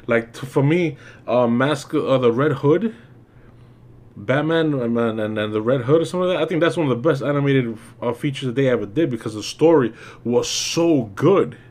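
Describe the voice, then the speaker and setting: A man's voice: mid-range voice, moderate pace, a little mellow. A man giving a casual spoken movie review as host, ranting and exasperated, with lots of fillers and swearing.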